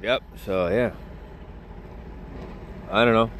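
Low-voiced man rambling in a casual vlog. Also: fairly even intonation, slow pace, very noisy. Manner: joking, rambling, self-mocking. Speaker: vlogger.

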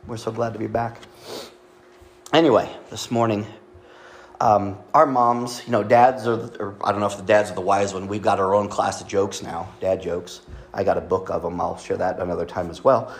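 A man preaching a sermon as pastor, chatty and joking, with asides to the congregation. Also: on the low side. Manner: joking, conversational, with audience asides.

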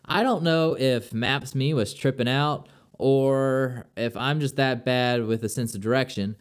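A man's voice: mid-range voice, measured pace. A young man casually telling a personal travel story, chatty and loose, full of "like" and "I'm like".

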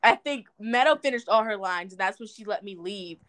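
A young adult woman hosting a podcast, telling stories in a chatty, animated way with lots of fillers. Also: mid-range voice, brisk. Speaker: podcast host. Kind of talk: casual chat.

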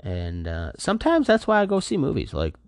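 A man's voice: mid-range voice, wildly swooping pitch, fairly quick, no room sound. A worn-out man rambling loosely through a casual solo podcast from his apartment, full of fillers. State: tired, worn out. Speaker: podcast host.

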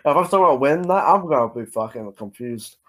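A man's voice: medium pitch, expressive, a little fast, fairly bright tone. An Australian man in a casual online voice-chat debate who rambles and swears in nearly every sentence.

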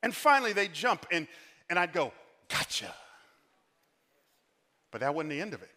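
A man's voice: sits high, big pitch swings, fast talker. A male pastor preaching a sermon and leading an altar call in a church, impassioned, repeating phrases over and over with stumbling restarts. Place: church sanctuary. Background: soft instrumental music.

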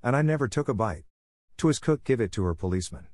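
A man voicing a poor, hungry young servant girl who sobs and talks in rough dialect, in an audiobook. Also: mid-range voice, expressive, fast talker, a little mellow, dry recording, studio quality, lightly acted. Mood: sobbing. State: sobbing.

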